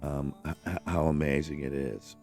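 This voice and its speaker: A man's voice: extremely low pitch, steady tone, normal speed, a little mellow. A man hosting a casual music podcast, rambling enthusiastically with lots of restarts and the odd swear. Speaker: podcast host.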